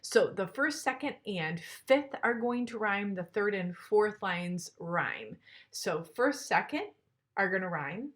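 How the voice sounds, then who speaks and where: A woman's voice: mid-range voice, animated, slow, a bit bright. A woman teacher giving a classroom tutorial, explaining patiently with some fillers.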